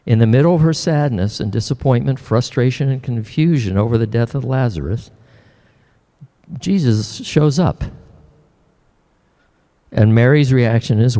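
A man's voice: mid-range voice, warm tone, big-room sound. Earnest older male pastor preaching. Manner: earnest, emotional, halting with repeated restarts. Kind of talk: sermon.

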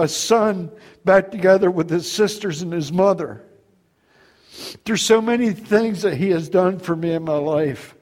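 Middle-aged male preacher, slightly high voice, storytelling testimony, voices the people in his story. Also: darkish tone. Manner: storytelling, acts out dialogue, laughs often. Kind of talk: testimony sermon.

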